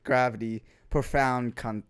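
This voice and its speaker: A man's voice: medium pitch, fairly even intonation, clean tone, lightly acted. A young man stiffly reading a Shakespearean hero. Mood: halting. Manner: halting, slow, unsure of the words. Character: young male Shakespearean hero, read haltingly. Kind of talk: stumbling first read of Shakespeare.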